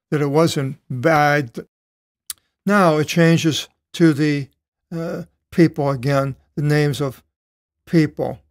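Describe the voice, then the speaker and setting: An older man teaching a verse-by-verse Bible study, reading slowly with frequent pauses and self-corrections as he explains Greek words. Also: fairly high pitch, no room sound, clean studio sound.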